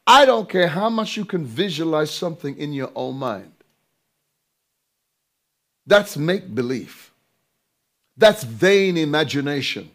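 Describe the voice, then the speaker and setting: A preacher with a high, lively voice that leaps up and down as he leans into each phrase. He talks slowly and deliberately, repeating words for weight and asking the crowd questions he then answers himself. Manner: emphatic, drawn-out delivery with rhetorical questions to the audience. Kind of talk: sermon.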